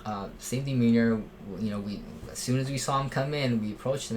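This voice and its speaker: A man's voice: medium pitch, brisk, darkish tone. A man speaking off the cuff about watching for threats at church, with a mid-range voice. He rambles, restarts sentences and leans on fillers as he tells it. A faint hiss of noise sits under the recording. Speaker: church safety volunteer. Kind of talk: casual unscripted talk.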